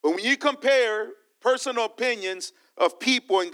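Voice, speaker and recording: Pastor, male, very high bright voice, slow repetitive preaching to the congregation. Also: lively intonation. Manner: preaching, repeats lines, calls to the church. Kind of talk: sermon.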